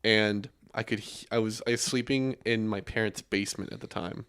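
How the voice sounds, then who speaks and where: Deep-voiced young man telling stories. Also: moderate pace, smooth. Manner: relaxed storyteller, many fillers and restarts. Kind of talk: casual podcast chat.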